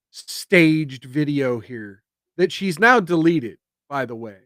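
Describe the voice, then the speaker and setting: Guy on his stream ranting, kinda high voice, sarcastic and punchy, dry close sound. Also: animated, takes it slowly, fairly bright tone, no echo. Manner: sarcastic, emphatic, rising to indignant jabs. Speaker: streamer and commentator. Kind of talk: political commentary rant.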